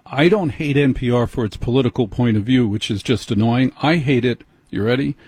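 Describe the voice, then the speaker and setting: A male host speaks in a conversational, opinionated way, his voice slightly husky. The sound is dry and close, with little room around it. He shifts easily between introducing his guest and giving his own view. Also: medium pitch, brisk, a little mellow, no echo. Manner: opinionated, mimics others for effect. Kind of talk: conversational commentary and interview.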